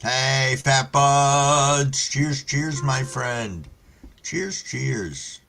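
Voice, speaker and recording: A male live-stream host with a bright, forceful voice at an ordinary middle pitch. He chats in a relaxed way and swears freely while telling stories. He also greets his viewers by name. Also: drawn-out words, vocal fry. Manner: laid-back storytelling, heavy swearing. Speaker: livestream host reading chat. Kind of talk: casual live-stream chat.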